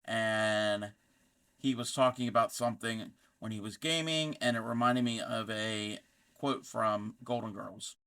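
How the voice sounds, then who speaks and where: Bright, chatty crochet streamer man. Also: mid-range voice. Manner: chatty and rambling, full of puns and references. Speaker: crochet streamer and fiber artist. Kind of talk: casual live-stream chat.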